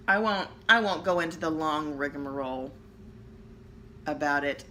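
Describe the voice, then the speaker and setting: A woman vlogger rambling candidly at home about family life, chatty and self-deprecating with quick jokes, recorded on a hand-held phone. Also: low voice, sharp tone, a little hiss or hum. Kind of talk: casual personal rambling vlog. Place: at home, seated. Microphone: phone camera held in hand.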